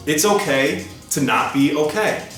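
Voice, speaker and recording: A man who leads a church kids' program, telling a story and speaking warmly and encouragingly to children at home. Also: on the high side, animated, measured pace. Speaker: children's ministry leader. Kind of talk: storytelling and talking to kids. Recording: echoey room with music behind.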